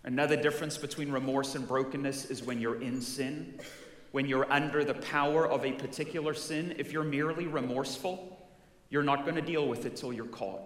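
A man pastor preaching a sermon, talking directly to the congregation with questions and vivid stories. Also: medium pitch. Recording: echoey hall with long reverb.

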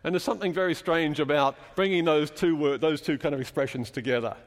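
A preacher with a fairly high voice talks quickly through a teaching sermon, unpacking scripture and quizzing his audience. The chapel adds a long reverb to everything he says.

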